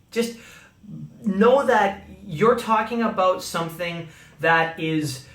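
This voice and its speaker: A man's voice: high-pitched, a bit bright. A man from Canada giving a recorded sales training talk, upbeat and coaching, checking in with "okay?" often. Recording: echoey room.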